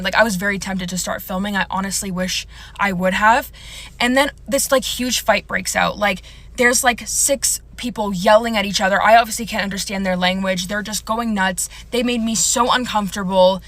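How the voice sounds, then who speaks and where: A woman's voice: mid-range voice, fairly even intonation, brisk, fairly bright tone. Choked-up woman telling a storytime. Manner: rambling, filler-heavy, emotional. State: choked up, near tears. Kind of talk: casual storytime vlog.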